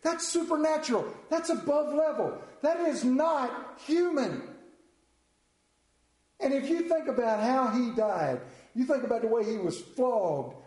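A middle-aged man preaching a sermon, emotional and intense, moving between loud fervor and hushed reading. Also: extremely high pitch, echoey room.

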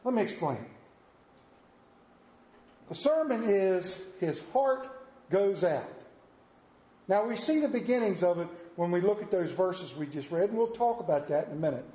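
A man's voice: sits high, normal speed, long pauses. Folksy preacher man in an echoey church. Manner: folksy, self-deprecating, animated storytelling. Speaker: pastor. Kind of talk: sermon with storytelling.

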